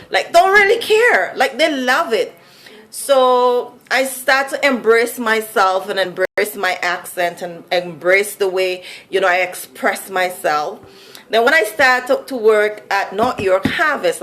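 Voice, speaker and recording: A woman's voice: a little high, fairly bright tone. A woman from Saint Vincent with a Vincentian accent, telling a personal story in a casual, chatty way full of fillers. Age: adult. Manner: chatty, many "like" and "you know" fillers.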